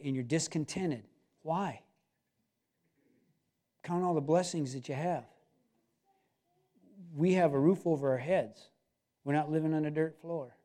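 A man's voice: a little high, mellow. A middle-aged man preaching a sermon in a loose, conversational way, with asides and restarts. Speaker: pastor.

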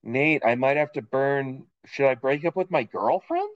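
A man's voice: medium pitch, animated, normal speed, lo-fi sound. A man co-hosting a podcast, chatting casually and telling rambling, joking stories. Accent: Boston. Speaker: podcast co-host. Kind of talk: casual chat.

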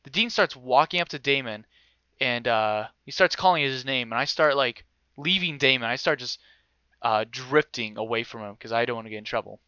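A young man casually telling a story, animated and swearing freely, acting out other people's voices. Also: mid-range voice, moderate pace, clear, resonant tone, no room sound, dull audio.

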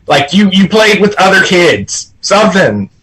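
A man's voice: sits high, very animated, a little slow, a bit bright, low-quality recording. A man in a casual podcast chat who stammers and repeats his words.

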